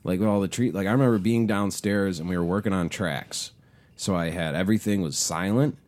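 A man's voice: low-pitched, a little fast, a little mellow. A man hosting a podcast, telling rambling stories in casual chat and swearing a lot. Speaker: podcast host.

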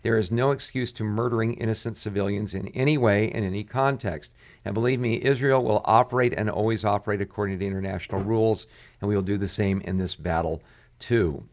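A man, a pastor and show host, commenting on current events and reading quotes aloud, pausing often with "uh" fillers. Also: on the low side, steady tone. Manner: frequent "uh" fillers, reads quotes aloud with rising intensity.

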